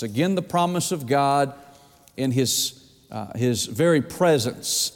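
A man preaching a sermon, reading scripture slowly and telling folksy stories. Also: mid-range voice, lively intonation, faint music behind. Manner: reads scripture slowly, tells folksy anecdotes. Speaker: pastor. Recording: long hall reverb.

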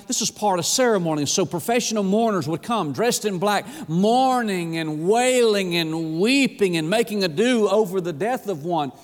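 High-voiced preacher man in a reverberant hall. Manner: dynamic preaching with sudden drops to a low hush. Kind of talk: sermon. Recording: echoey with long reverb.

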